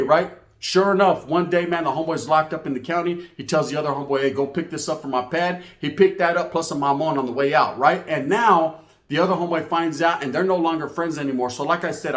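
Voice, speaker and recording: A man telling street stories in a loose monologue, full of slang and swearing. His voice sits fairly high for a man, and the room around him rings with echo. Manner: slang-heavy, profane, animated. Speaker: storyteller host. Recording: echoey room.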